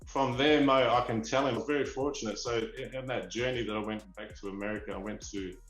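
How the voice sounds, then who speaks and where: A man's voice: mid-range voice, steady tone, fast talker, a bit bright, roomy sound, soft background music, low-quality recording. A man from Australia with an Australian accent, a collector telling rambling, eager stories in a casual interview. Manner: eager, rambling, restarts often. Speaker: figurine collector, guest.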